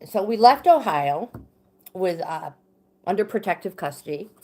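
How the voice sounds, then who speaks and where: A middle-aged woman hosting a livestream, telling a personal story in a casual, halting way with frequent fillers and restarts. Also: fairly low pitch, animated, warm tone. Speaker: livestream host.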